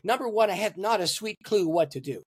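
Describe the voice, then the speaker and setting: An older man, a pastor, telling a personal story in an interview and acting out the voices in it with big swings in pitch. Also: expressive, fairly quick, husky, no echo. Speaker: pastor and guest.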